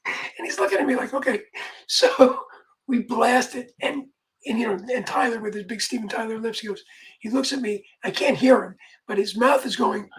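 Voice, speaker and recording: A man's voice: extremely high pitch, moderate pace, a little hiss or hum, low-quality recording. A man, a music manager, telling a long casual anecdote in a rambling way, full of restarts and quoted dialogue.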